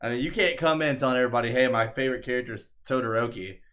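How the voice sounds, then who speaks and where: A man hosting a podcast, talking fast and swearing a lot while teasing his co-hosts. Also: medium pitch, fairly bright tone. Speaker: podcast host. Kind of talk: casual chat.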